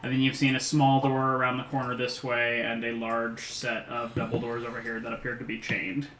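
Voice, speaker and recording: A man runs a tabletop game as game master, talking in a bright, crisp voice. He explains the scene casually and step by step. The room echoes and there is a faint hiss behind him. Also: medium pitch, completely flat delivery, fairly quick. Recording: echoey room, some background noise.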